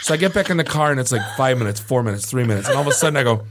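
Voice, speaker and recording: A man telling a long funny story in casual podcast chat, animated and often chuckling at his own tale. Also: mid-range voice, rapid-fire, background noise.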